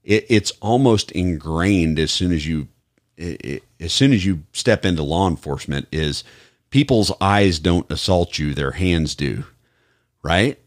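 A man's voice: sits low, lively intonation, a little slow, no echo, clean studio sound. A man with an American accent, a police officer on a podcast, telling stories in a rambling, casual way with many restarts. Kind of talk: casual chat, storytelling.

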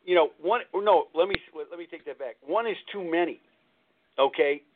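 A man hosting a call-in recovery talk show tells a personal story earnestly, rambling and repeating himself. His voice is a little high, his pace moderate, with a noisy background and tinny phone-line sound.

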